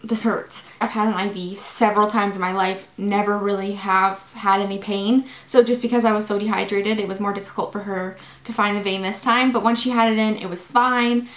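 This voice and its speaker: A woman's voice: mid-range voice, brisk, hardly any pauses, reverberant. A young woman vlogger telling a personal story in a chatty, casual way, full of fillers. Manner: chatty, animated, lots of fillers.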